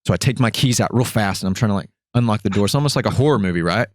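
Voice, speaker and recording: A man hosting a podcast, telling a story in a casual, animated way, acting out voices and swearing freely. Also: fairly low pitch, racing, no room sound, studio quality. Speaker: podcast host.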